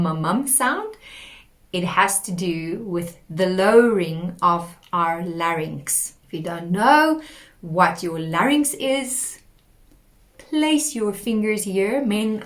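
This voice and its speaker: A woman teaching a singing lesson, explaining patiently and demonstrating sung warm-up exercises. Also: lowish voice, animated, slow pace. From South Africa. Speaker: vocal coach.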